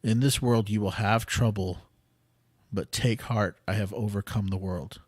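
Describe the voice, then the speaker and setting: A man's voice: lowish voice, steady tone, darkish tone, dry recording. A man hosting a podcast, giving an earnest devotional talk with casual fillers that builds to impassioned pleading. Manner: slow, earnest, rising to impassioned intensity; conversational with fillers and restarts. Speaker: podcast host.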